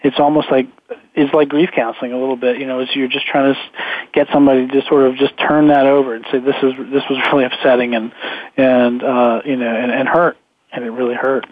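A man's voice: medium pitch, little pitch movement, fairly quick. Man talking over a tinny phone line. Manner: reflective, many "you know" fillers. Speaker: podcast co-host. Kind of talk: conversational chat.

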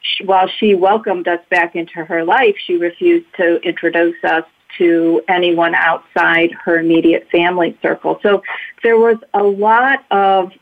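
A woman, a guest who was adopted, reflecting thoughtfully on her reunion, with soft fillers. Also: lowish voice, steady tone, measured pace. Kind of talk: personal reflection. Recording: tinny phone-like line.

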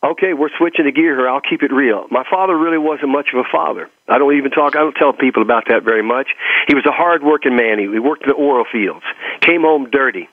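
A man's voice: mid-range voice, quick pace, dry recording. A man with a Texas accent, a guest giving earnest motivational talk, repeating phrases for emphasis. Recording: phone-like narrow sound.

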